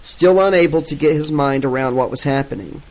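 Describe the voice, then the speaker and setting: A man narrating a horror audiobook in a steady, dramatic reading. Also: a little high, a little fast, rough recording.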